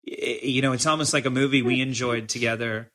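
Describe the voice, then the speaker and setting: A man's voice: mid-range voice, steady tone, fairly quick, fairly bright tone. A man from Los Angeles, a film director guest, chatting in a rambling, hesitant way with lots of restarts. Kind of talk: casual interview chat.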